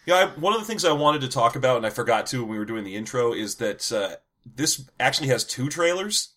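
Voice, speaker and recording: A man's voice: mid-range voice, very animated, bright, forceful tone. A man co-hosting a casual movie-review podcast, joking with wry asides. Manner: wry, jokey, quick asides. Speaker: podcast co-host.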